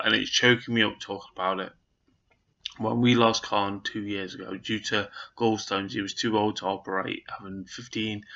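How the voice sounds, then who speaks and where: A man talks to his viewers in a loose, rambling, earnest vlog style. His voice sits low but has a bright, forceful edge. The recording is dull and lo-fi. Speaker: vlogger. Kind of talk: casual chat to camera.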